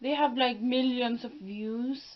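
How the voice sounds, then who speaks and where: Young woman, slow and easygoing. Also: a little high, fairly even intonation. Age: 20s. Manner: laughing, easygoing, slow and searching for words. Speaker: daughter co-hosting vlog. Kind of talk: casual home tour vlog. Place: home room. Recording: dull lo-fi home video sound.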